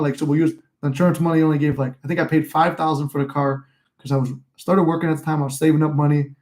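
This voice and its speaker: This young livestream host, in his twenties, has a slightly high, somewhat mellow voice with a level tone and a quick pace. He reads viewer comments aloud and tells rambling stories full of profanity during a casual chat.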